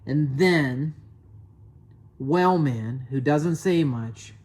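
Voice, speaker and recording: A woman narrating a children's story with slow, expressive telling. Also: sits low.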